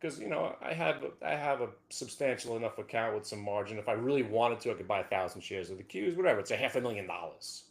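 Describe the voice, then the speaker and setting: A man hosting a trading show, talking fast and excitedly over charts, dropping to a low mutter and then bursting into whooping shouts. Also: gravelly.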